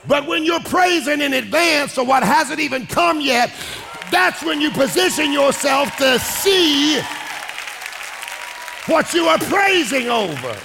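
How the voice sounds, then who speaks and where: A male pastor preaching a sermon, shouting and singing his lines and calling out to the congregation. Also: very high voice, animated, slow, vocal fry, background noise. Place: large church hall with congregation. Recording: echoing hall with music and crowd.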